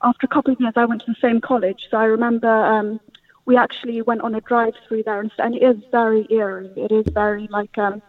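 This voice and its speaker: A man's voice: high voice, little pitch movement, fast, dry recording. Man, rambling storyteller, dry tinny phone-line sound. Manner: rambling, many fillers and restarts. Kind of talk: casual storytelling.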